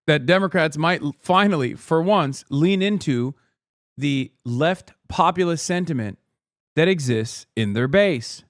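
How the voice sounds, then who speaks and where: A male streamer with a high voice talks through a live stream in a mocking, sarcastic way. The sound is dry and close, with no room around him. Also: animated, unhurried, no echo.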